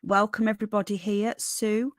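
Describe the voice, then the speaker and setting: A woman's voice: mid-range voice, flat delivery, moderate pace, no echo, studio quality. A woman with a Northern English accent hosting a casual livestream, tired, greeting viewers by name and calling them darling. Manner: greets viewers by name while reading chat; calls viewers darling and sweetheart. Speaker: livestream host.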